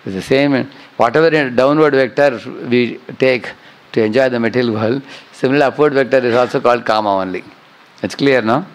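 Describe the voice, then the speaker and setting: A man's voice: mid-range voice, fairly quick, rough recording. A middle-aged man teaching a scripture class, often checking with listeners by asking "huh?" and "correct, no?". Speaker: spiritual teacher.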